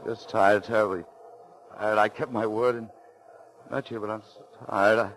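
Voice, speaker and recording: An actor playing a wounded, desperate fugitive in a vintage radio drama, speaking in terse, halting lines. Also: male voice, on the low side, steady tone, a bit bright, rough recording. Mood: exhausted. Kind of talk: 1940s radio acting.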